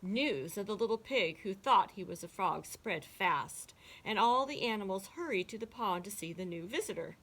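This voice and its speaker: A woman teacher reading picture books aloud to children in a slow, expressive storytelling voice. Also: mid-range voice.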